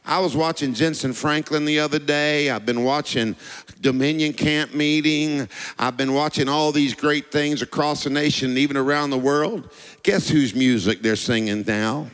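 High-voiced preacher man, sing-song cadence. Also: normal speed, fairly bright tone, smooth, in a large hall. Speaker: pastor. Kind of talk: sermon.

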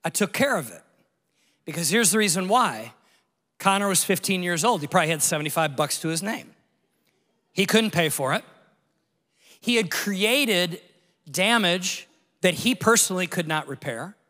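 A man in his forties preaching, his fairly high and bright voice carrying through a big church hall with a long reverb tail. He tells a personal story in a casual, animated way, acting out the moments as a pastor leading a sermon. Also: moderate pace, pauses often.

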